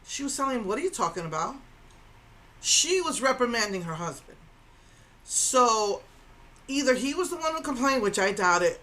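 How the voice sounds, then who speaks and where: A woman's voice: medium pitch, sharp tone, low-quality recording. A middle-aged woman casually recounting a confrontation, indignant, repeating herself and acting out what others said. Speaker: vlogger recounting an incident. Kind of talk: casual storytelling to camera.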